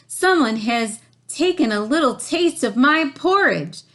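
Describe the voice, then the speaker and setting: A woman's voice: sits high, expressive, a little slow, a bit bright, pitched above the performer's own voice. A woman voicing a grumbling father bear in a storybook, growling out complaints.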